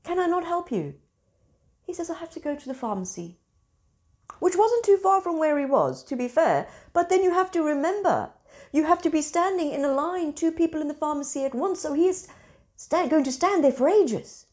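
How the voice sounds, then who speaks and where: A woman, hosting and telling everyday stories in a casual, expressive monologue. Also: high-pitched, normal speed. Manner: animated, expressive storyteller. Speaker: spiritual centre host.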